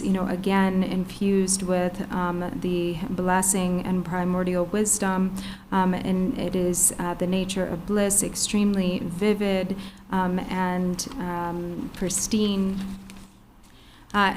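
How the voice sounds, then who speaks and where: A woman interpreting a Buddhist teaching into English, halting and pausing often with filler sounds. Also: mid-range voice, darkish tone, slight background noise.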